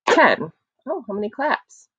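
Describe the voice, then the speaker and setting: A young woman leads little children through an online phonics lesson, slow and encouraging in a sing-song way. Her voice has a slight gravelly edge. The sound is dry and a little dull, like a basic computer mic. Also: low voice, lively intonation, dry recording. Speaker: kindergarten teacher.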